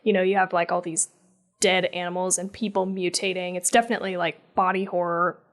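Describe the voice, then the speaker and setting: A woman co-hosting a relaxed podcast about a film. Her talk is loose and conversational, full of fillers. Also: lowish voice, fairly quick. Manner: chatty, many fillers like "like". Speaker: podcast co-host. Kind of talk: casual movie review chat.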